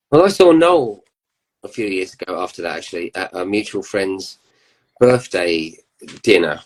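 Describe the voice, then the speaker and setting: A man's voice: sits low, a little hiss or hum, low-quality recording. A man in his fifties, a musician guest telling rambling anecdotes in casual chat, with laughs.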